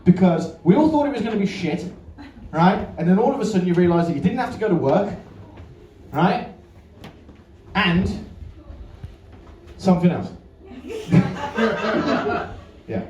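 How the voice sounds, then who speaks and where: A man's voice: sits high, expressive, unhurried, long pauses, a little mellow, far from the mic, lo-fi sound, slight background noise. A man doing a stand-up comedy set in a club, bantering with the crowd and swearing freely. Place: comedy club stage with a live audience. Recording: roomy live club recording, off-mic, crowd. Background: audience laughter.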